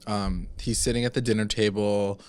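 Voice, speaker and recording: A man's voice: on the low side, fairly even intonation, normal speed, smooth. A man co-hosting a casual TV recap podcast, laid-back and laughing often as he retells scenes. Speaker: podcast co-host.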